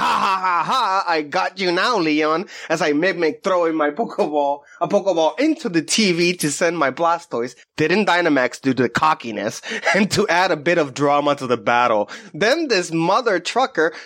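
Lively, slightly high man telling a story. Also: normal speed, hardly any pauses. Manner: animated storyteller, laughs often. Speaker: podcast co-host. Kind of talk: casual chat.

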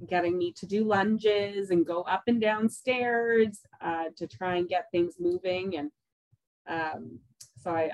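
A woman speaking as a podcast guest in relaxed conversation. She laughs easily and trails off with "um" and "you know" as she talks. The recording is close and dry, with no room sound. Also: on the low side, no echo, poor audio. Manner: laughs often, trails off with fillers. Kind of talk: casual conversation.

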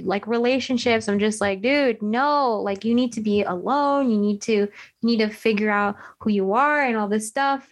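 A young woman co-hosting a podcast, telling a story in an animated, slangy way with lots of "like" into a desk microphone. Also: on the high side. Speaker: podcast co-host. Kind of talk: casual chat.

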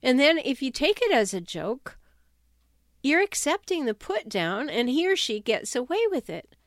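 A woman's voice: sits high, very animated, normal speed, dry recording, studio quality. A woman author speaking directly to her listeners in a wry, conversational way, with the odd uneasy laugh. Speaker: self-help author and speaker. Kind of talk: conversational talk to camera or listeners.

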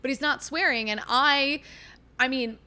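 Bright-voiced woman, passionate sports chat. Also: sits high. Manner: animated, passionate, quick to laugh. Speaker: sports podcast co-host.

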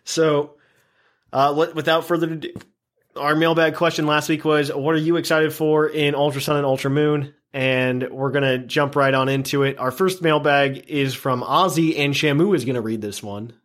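A man's voice: on the high side, fairly even intonation, moderate pace, a bit bright. A man hosting a casual podcast, upbeat, running segments and reading listener email aloud. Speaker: podcast host.

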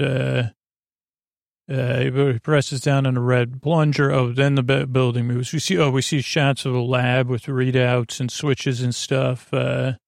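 Gravelly man rambling through a recap. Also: mid-range voice, dry recording, clean studio sound. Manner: rambling, many ums and uhs, loosely quotes characters. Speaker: podcast host. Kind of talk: casual episode recap.

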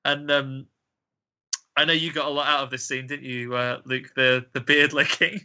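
A man with a very bright, sharp-edged voice chats his way through a film recap. He tells the story loosely, with jokes and frequent laughter, like a host among friends. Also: medium pitch, steady tone, moderate pace, highs cut off. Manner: chatty, joking storyteller who often laughs. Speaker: podcast host. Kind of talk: casual film recap chat.

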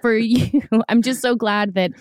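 A woman's voice: fairly high pitch, steady tone, unhurried, darkish tone, no room sound, studio quality. A woman hosting an interview, bubbly and self-deprecating, asking rambling questions. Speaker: podcast host. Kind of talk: casual interview chat.

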